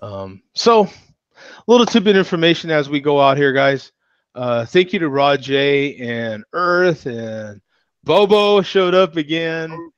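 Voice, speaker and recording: A man's voice: on the high side, sing-song, takes it slowly, clear, resonant tone, dry recording, highs cut off. Rambling male show host, dry sound. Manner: rambling, with many fillers and restarts; laughs often. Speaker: host of an online beer talk show. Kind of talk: casual live-show chat.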